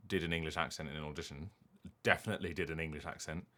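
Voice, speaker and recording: A man streaming a game and chatting casually, thinking aloud in an animated, rambling way. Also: extremely low pitch, racing. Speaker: streamer and voice actor. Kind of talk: casual gaming stream chat.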